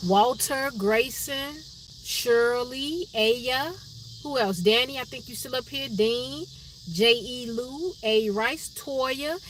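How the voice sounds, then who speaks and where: A woman's voice: a little high, takes it slowly, a bit bright, a little hiss or hum. A woman from Chicago with a Chicago accent, chatting casually on her live stream and answering viewers' comments by name. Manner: chatty, reads viewer names and comments aloud.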